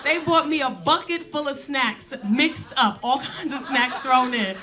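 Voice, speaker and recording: Bright-voiced woman comic in her forties. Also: high-pitched, a little slow, a faint crowd. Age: 40s. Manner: animated, swings from hushed asides to loud punchlines. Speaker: stand-up comedian. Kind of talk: stand-up storytelling.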